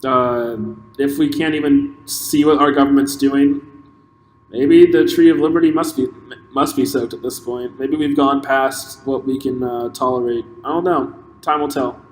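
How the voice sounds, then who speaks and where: A man's voice: medium pitch, steady tone. Impassioned man in an echoey room. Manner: impassioned, halting with restarts. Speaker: podcast host. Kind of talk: solo opinion monologue. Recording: echoey room with long reverb and faint noise.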